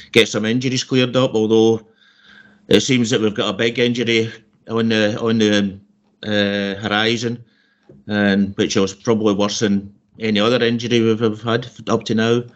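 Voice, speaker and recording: A man's voice: medium pitch, lo-fi sound. A man, a guest on a football podcast, talking in a plain, matter-of-fact way. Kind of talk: casual football podcast chat.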